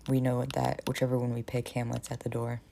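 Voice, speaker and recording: A woman streamer working through a story game in a relaxed, thinking-aloud way. Her voice is very low with plenty of vocal fry and a dark, mellow tone. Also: fairly quick, slight background noise. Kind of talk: casual game playthrough and reading aloud.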